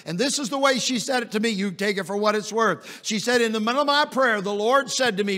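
A middle-aged evangelist preaches in a church sanctuary, his high, ringing voice carried on a long reverb. He tells folksy stories and builds to loud, emphatic peaks. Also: fast, hardly any pauses. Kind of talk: sermon.

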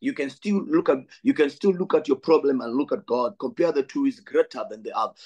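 A man's voice: medium pitch, fairly quick, a little mellow, husky, low-quality recording. A man from Zambia, a pastor preaching a sermon with a repetitive, building delivery and direct appeals to his brothers and sisters.

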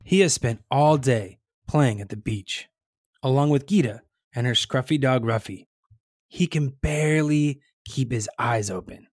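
Slow, expressive children's storyteller. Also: mid-range voice, dry recording, studio quality. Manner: gentle, expressive read-aloud.

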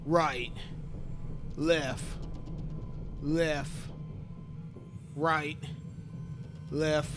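A man's voice: on the high side, slow pace, pauses often, fairly bright tone, soft background music. A man in his thirties with a sore voice from talking too much, joking to himself and yelping at scares as he plays a horror game. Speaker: gaming YouTuber.

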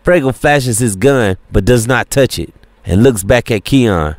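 A man narrating an audiobook in a steady, plain reading. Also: mid-range voice, a little slow, no room sound. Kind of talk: scripted narration.

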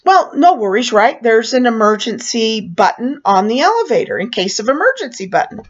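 Older woman, storyteller, animated, higher voice, dull lo-fi recording. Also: moderate pace, husky. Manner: animated, acts out her own panic in raised voice. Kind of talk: personal storytelling. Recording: dull lo-fi sound.

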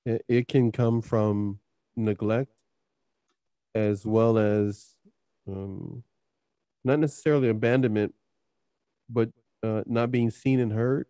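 Male podcast host, low mellow voice, thoughtful and halting. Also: steady tone, no echo, studio quality. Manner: halting, thoughtful questions with fillers. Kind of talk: podcast interview.

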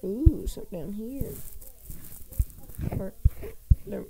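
A woman's voice: fairly high pitch, moderate pace, noisy background. A woman giving live gameplay commentary, talking to herself in a jumpy, nervous way and often dropping to a whisper.

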